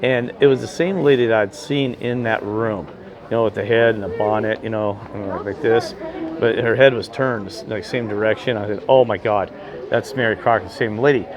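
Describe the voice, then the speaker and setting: Man, low voice, casual rambling story, excitable, outdoors, crowd noise behind. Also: moderate pace. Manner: rambling, excitable, gesturing while talking. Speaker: vlogger telling a ghost story.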